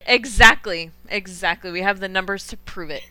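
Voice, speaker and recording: A woman's voice: medium pitch, moderate pace, bright, forceful tone, no room sound. A young woman hosting a film podcast, chatting casually and enthusiastically with strong opinions. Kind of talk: casual film review chat.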